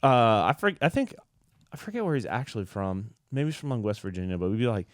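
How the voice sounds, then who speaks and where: A man with a lowish voice co-hosts a casual podcast, drifting through stories with plenty of fillers. The sound is dry and close. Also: sing-song, fast, no echo. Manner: rambling, filler-heavy storytelling. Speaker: podcast co-host and musician.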